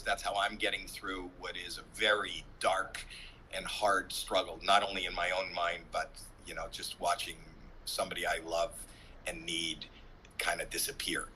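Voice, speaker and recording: A man on a video-call panel, telling a candid personal story in an animated way. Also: sits low, a little hiss or hum, poor audio. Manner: animated storyteller, acts out swearing quotes. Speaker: comedian panelist.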